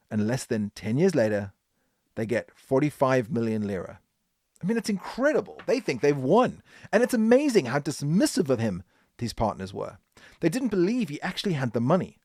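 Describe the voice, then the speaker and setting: A man hosting a podcast, telling a business history story in an animated, emphatic way. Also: medium pitch, no echo, clean studio sound. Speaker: podcast host.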